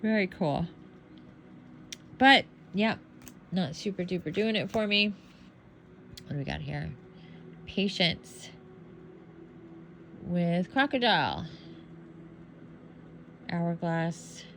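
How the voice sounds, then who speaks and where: A sleepy woman casually commenting on tarot cards as she unboxes a deck, relaxed and trailing off as she goes. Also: lowish voice, slow pace, pauses often, slight background noise. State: sleepy, yawning.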